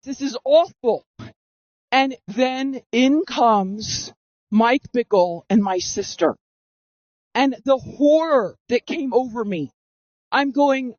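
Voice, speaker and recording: A high-pitched woman around thirty recounts her own story with earnest drama, acting out how she reacted back then. Her voice runs through a masking filter, and the recording is dull and dry with no room sound. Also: animated, slow pace, a little mellow, no room sound. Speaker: storyteller giving personal testimony. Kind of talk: first-person storytelling.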